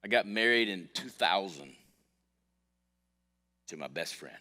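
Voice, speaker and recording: A man preaching a sermon as pastor, telling a personal story with his voice swinging from soft to loud. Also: low-pitched, expressive, a little slow. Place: church sanctuary. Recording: long hall reverb.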